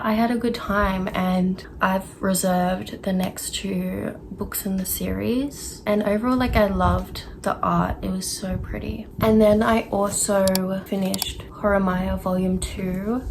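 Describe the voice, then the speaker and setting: A woman talks casually to camera about what she has been reading, upbeat and a little rambling. Her pitch sits in a middle range. A faint hiss of noise runs under the recording. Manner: chatty, enthusiastic, rambling. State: a bit out of breath. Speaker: vlogger. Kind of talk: casual chat.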